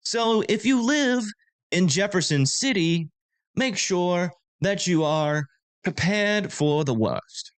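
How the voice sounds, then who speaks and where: A man voicing a stiff, uptight British TV weather anchor with a slow, stagey newsreader delivery, in a put-on British accent. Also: high-pitched, expressive, clean tone, voice pushed up. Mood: pompous.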